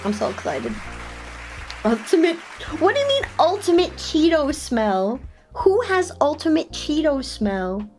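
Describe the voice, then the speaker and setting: A young woman streams and chats casually, her voice sitting a little high. She is excitable and breaks into giggles often. Soft music plays faintly underneath. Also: a little slow. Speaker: VTuber streamer. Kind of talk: casual live-stream chat. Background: faint background music.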